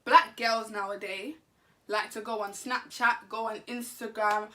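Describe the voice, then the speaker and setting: A woman telling a story to camera in an animated, slangy, laughing way. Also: medium pitch, measured pace, distant mic, a little hiss or hum. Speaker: vlogger. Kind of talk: casual storytime.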